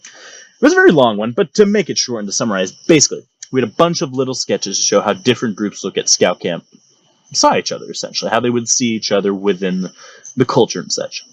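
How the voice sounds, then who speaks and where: A young man with a lowish voice hosts a storytelling channel, delivering a comedic monologue in a mock-grand, sarcastic way. He talks fast and expressively. He's close on a dry mic, and the audio is dull.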